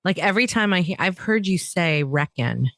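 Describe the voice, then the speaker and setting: A woman's voice: lowish voice, lively intonation, moderate pace, fairly bright tone, dry recording, studio quality. An American woman hosting a podcast as a sales trainer, chatting enthusiastically and laughing often. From United States. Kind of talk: casual chat.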